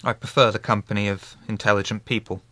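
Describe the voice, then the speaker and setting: A man's voice: fairly low pitch, flat delivery, fast talker, a bit bright, no echo, natural voice. A man voicing a rude, contemptuous male patron at a bar in a tabletop role-playing game.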